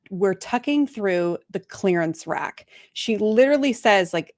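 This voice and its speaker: A woman's voice: fairly low pitch, dry recording, studio quality. A middle-aged woman, a relationship coach, casually commenting on a reality show and lifting her voice to quote the people in it. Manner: chatty, animated, quotes people in lifted voices.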